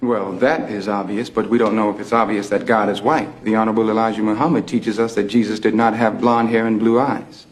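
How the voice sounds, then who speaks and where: An actor playing a composed young minister who argues in a measured, preaching cadence. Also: male voice, fairly low pitch, steady tone, natural voice. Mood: calmly defiant. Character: composed young male minister debating a prison chaplain.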